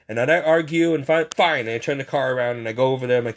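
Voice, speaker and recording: A man's voice: medium pitch, fast, hardly any pauses. A man giving a casual, rambling faith monologue, poking fun at himself and chuckling as he talks. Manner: rambling, self-mocking storyteller; frequent chuckles.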